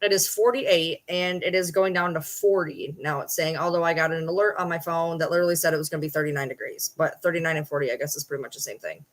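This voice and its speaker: A woman's voice: low voice, fairly even intonation, fast talker, hardly any pauses. Blunt, cursing woman on a late-night livestream. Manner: blunt, swears freely, rambling asides. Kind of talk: casual late-night live chat. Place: at home at night.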